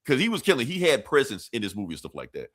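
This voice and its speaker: A man co-hosting a podcast in casual chat, talking in an animated, profane way and laughing often. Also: mid-range voice, rapid-fire. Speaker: podcast co-host.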